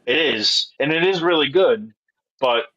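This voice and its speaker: A man in a casual chat, rambling with fillers and quick laughter. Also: fairly high pitch, animated, pushed and bright, lo-fi sound.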